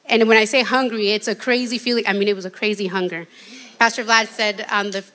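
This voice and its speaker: A woman shares her personal testimony in a crisp, bright voice. She sounds shy and earnest. Her telling is halting and conversational, with small restarts. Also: mid-range voice, fairly even intonation. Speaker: testimony guest.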